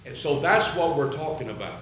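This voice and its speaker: A man's voice: on the high side, expressive, fairly quick, fairly bright tone, a little hiss or hum. Preaching man in a very echoey room. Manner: earnest, quotes scripture aloud. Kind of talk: sermon.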